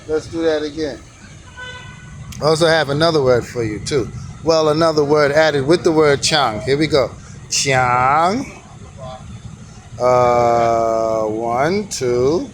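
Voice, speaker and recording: A man's voice: medium pitch, slight background noise. A man teaching on camera in a casual, easygoing, informal way. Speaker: calligraphy teacher.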